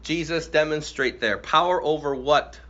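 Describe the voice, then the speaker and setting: A man's voice: on the high side, moderate pace, fairly bright tone. A man teaching a group Bible study, prompting readers and asking questions, who affirms their answers. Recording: slightly muffled with faint hiss.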